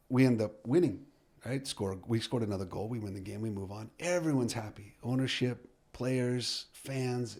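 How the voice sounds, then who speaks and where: A middle-aged man, a soccer coach, telling a story as a podcast guest, lively and full of restarts as he acts out the dialogue. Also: lowish voice. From United States.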